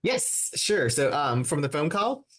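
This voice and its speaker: A woman co-hosting a podcast, recapping episodes in relaxed casual chat with frequent laughs. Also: low-pitched, unhurried. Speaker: podcast co-host.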